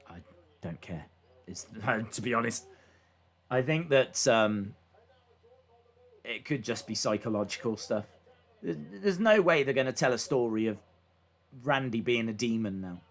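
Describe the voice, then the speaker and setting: With a medium-pitched, animated voice, this young man calls wrestling moves live during a streamed watch-along, speaking a little slowly with long pauses. He keeps it casual, reads the chat out loud, and says "uh" a lot.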